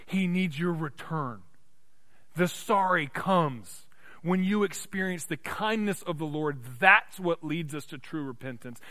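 A man preaching a sermon as pastor, passionate and emphatic, swinging from loud peaks to hushed, intimate passages. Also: high voice, moderate pace. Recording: long reverb of a large hall.

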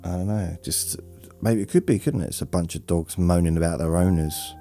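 A man hosting a sleep podcast, rambling in a drowsy, deadpan way. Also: low-pitched, fairly quick, soft background music. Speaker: podcast host.

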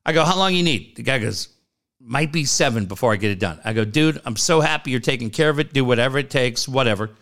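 A man's voice: medium pitch, lively intonation, fast talker, fairly bright tone. Ranting, profane middle-aged man. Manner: ranting, swears constantly, acts out other people's lines. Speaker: co-host telling a story. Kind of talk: profane casual storytelling.

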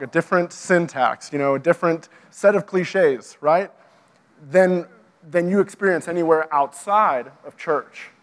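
Brief: man, higher-pitched voice, earnest teaching talk for church leaders, frequent restarts. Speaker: teacher of pastors and worship leaders. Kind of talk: lecture.

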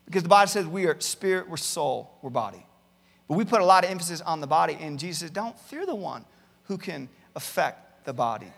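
Male pastor, sermon, somewhat high gravelly voice, big reverberant church hall. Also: lively intonation, brisk, a bit bright. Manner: earnest preaching, reads many Bible verses aloud, repeats words at starts. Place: church campus, large hall.

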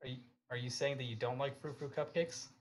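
A man's voice: medium pitch, steady tone, brisk. Man with dry teasing asides. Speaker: podcast co-host. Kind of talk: casual podcast chat.

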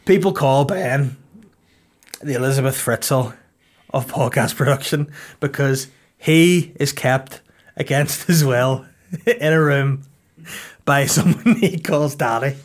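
Rambling, jokey podcast host. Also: male voice, mid-range voice, takes it slowly, long pauses. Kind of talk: casual podcast chat. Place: podcast studio.

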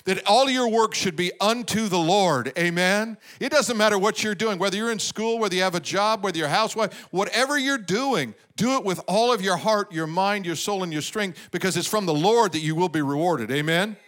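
A man's voice: sits high, brisk, hardly any pauses, a bit bright. A man preaching a sermon, drawing out the crowd with asides and acting out quotes. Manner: preaching with call-and-response asides and acted-out quotes. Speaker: pastor.

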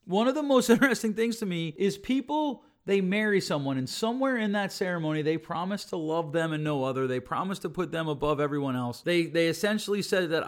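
A man's voice: on the high side, animated, quick pace, hardly any pauses. A middle-aged man and relationship coach giving an earnest teaching talk that he fills with sample dialogues. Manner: earnest, explains with example dialogues.

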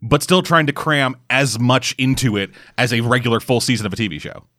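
A man co-hosting a casual podcast, ranting with heavy swearing in an animated way. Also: medium pitch, a little fast, dry recording, studio quality. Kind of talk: casual chat.

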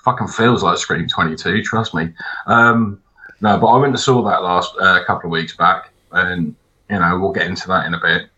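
A man chatting casually as a podcast co-host, telling animated, sweary stories. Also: low voice, normal speed, dull audio. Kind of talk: casual chat.

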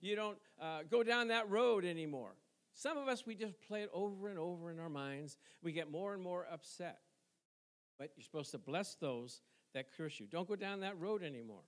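A middle-aged man with a notably high voice preaches a sermon in an easy, conversational way. He keeps asking the congregation questions, waits for them to answer, and chuckles between his points. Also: expressive, moderate pace. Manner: conversational preaching with call-and-response asides and chuckles. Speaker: pastor.

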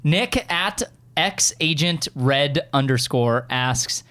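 A man co-hosting a casual chat show, excitable and animated, talking fast with many restarts. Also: a little high. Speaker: podcast co-host.

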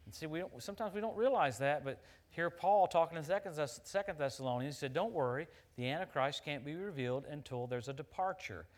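A middle-aged man preaching, his voice sitting a little high for a man. He moves from booming, emphatic declarations to low, confiding storytelling, and he chuckles easily between points. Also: brisk, few pauses. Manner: animated, laughs at his own stories. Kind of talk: sermon.

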